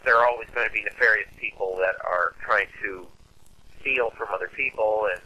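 A man's voice: fairly low pitch, fairly quick, pushed and bright, slightly rough, dry recording, muffled recording. A man in casual conversation, explaining a film's ideas at length in a thoughtful way, with many fillers. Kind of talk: casual film discussion.

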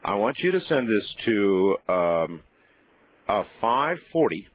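A man hosting a late-night radio call-in show, speaking deliberately and cutting in to steer the caller. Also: lowish voice, very animated, dry recording. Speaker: radio host. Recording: dull lo-fi radio broadcast.

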